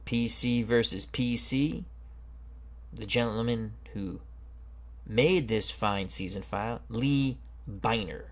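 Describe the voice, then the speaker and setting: A man with a mid-range voice hosts a football strategy game stream as casual commentary. He reads out team rosters slowly and chattily, greeting viewers and stumbling over names.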